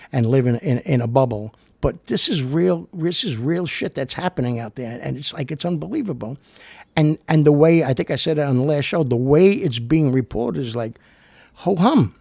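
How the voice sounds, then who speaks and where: A gravelly-voiced man hosting his own show, rambling through personal stories and news with lots of fillers and restarts. His voice is husky and a bit rough. It sounds dry and close, with no room in it. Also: medium pitch, mellow, no room sound. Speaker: show host.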